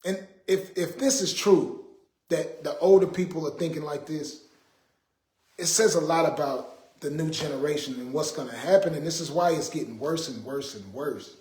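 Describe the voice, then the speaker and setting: Man, livestream host, exasperated, preachy, high-pitched, echoey room. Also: moderate pace, mellow. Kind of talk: casual livestream monologue. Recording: roomy echo.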